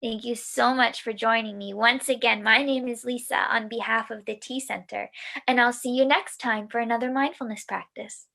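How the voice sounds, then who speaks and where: A woman leading a mindfulness lesson for children, giving gentle, soothing instructions. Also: on the high side, fairly even intonation, normal speed, vocal fry. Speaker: mindfulness teacher.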